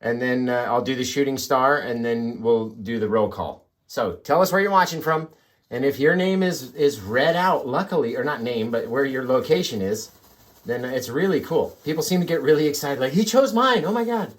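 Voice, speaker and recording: A man's voice: medium pitch, normal speed. A man hosting a live painting tutorial, chatting and encouraging viewers as he works. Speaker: painting instructor.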